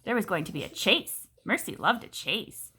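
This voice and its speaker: A woman teacher reading a children's book aloud in an expressive storytelling voice. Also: mid-range voice, moderate pace, noisy background.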